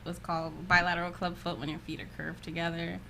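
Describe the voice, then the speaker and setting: A woman's voice: on the low side, flat delivery, fast talker, gravelly, sharp tone, slight background noise. A young woman guest in casual podcast chat, confident and playful, laughing often.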